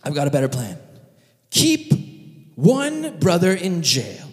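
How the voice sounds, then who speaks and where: A man doing a slow bossy governor. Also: fairly high pitch, huge pitch swings, darkish tone, exaggerated voice. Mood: commanding. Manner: slow, drawn-out commands. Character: stern man, a powerful governor, bossy and scheming. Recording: long reverb in a large hall.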